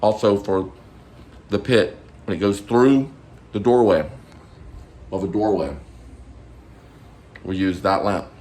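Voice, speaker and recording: A filmmaker who hosts his own show talks casually through a film production meeting, thinking aloud, rambling and restarting. His voice is low and slightly mellow, with a little hiss or hum in the audio.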